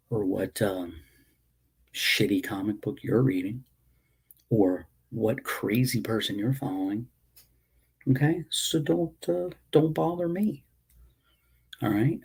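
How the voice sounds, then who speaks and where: Male indie comic creator, impassioned vlog rant, husky and unhurried. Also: mid-range voice, a little mellow. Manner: impassioned, ranting, swears freely. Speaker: self-published comic creator. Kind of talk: ranting casual vlog.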